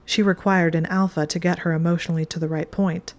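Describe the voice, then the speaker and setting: A woman reading a chapter of fan fiction aloud in a calm, steady narration. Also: on the low side, fast talker. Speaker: audiobook reader. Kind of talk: scripted narration.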